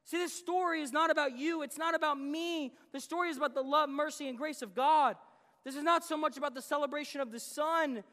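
High-voiced preacher in a reverberant church. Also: male voice, brisk. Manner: animated preaching, acts out the father's lines. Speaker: guest preacher. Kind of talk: sermon. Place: church sanctuary. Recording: long reverb of a church hall.

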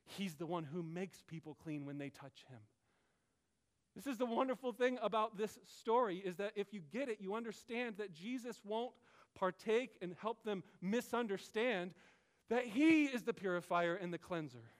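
A man's voice: high-pitched, expressive, normal speed. A man preaching a sermon as pastor, earnest, with rising and falling emphasis.

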